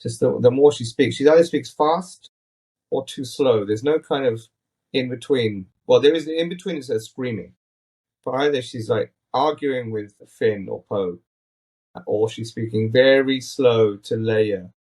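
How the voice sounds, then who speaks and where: A man's voice: mid-range voice, a little slow, darkish tone, breathy edge. A man hosting a casual podcast, talking in an opinionated, rambling, critical way into a tablet mic. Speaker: podcast host.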